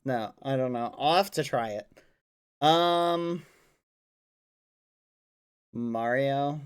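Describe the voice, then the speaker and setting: A male streamer talks casually with his viewers, relaxed and a bit teasing. He speaks slowly in a mid-range voice, unhurried between thoughts. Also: mid-range voice, clean tone.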